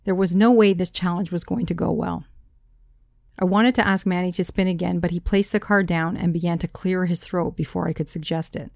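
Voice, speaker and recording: A woman's voice: lowish voice, steady tone, fairly quick, vocal fry, a little mellow, no room sound, studio quality. A woman narrating her own memoir in the first person, candid and self-deprecating.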